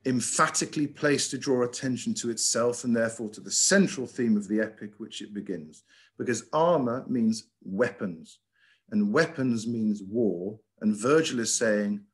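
A middle-aged man, a headmaster giving a lively, emphatic lecture over a video call, with frequent ums and uhs. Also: mid-range voice, normal speed. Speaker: school headmaster giving a talk. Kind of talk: lecture with slides.

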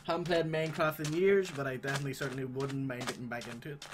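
A man hosting a gaming channel, chatting casually and swearing excitedly as he plays a game. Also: mid-range voice, fast talker, noisy background. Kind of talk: casual gameplay commentary.

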